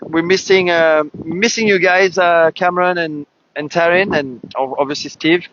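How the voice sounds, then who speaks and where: A man giving live race commentary as announcer, excited and chatty, talking straight to viewers with many fillers, outdoors at a beach venue. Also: fairly high pitch, moderate pace. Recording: dull livestream sound with clear outdoor noise.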